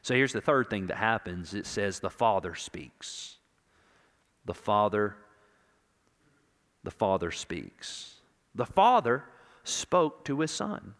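A male pastor preaching an impassioned sermon, swinging from loud declarations to hushed, intimate moments and repeating words for emphasis. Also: lowish voice, big pitch swings, slow, long pauses. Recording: long reverb of a large hall.

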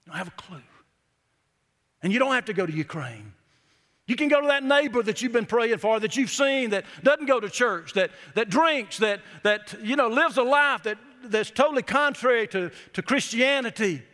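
A middle-aged man preaching a sermon in a church, folksy and storytelling, leaning on slowed, emphatic phrases. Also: extremely high pitch, animated, fairly bright tone. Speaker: pastor. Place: church sanctuary. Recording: church hall with long reverb.

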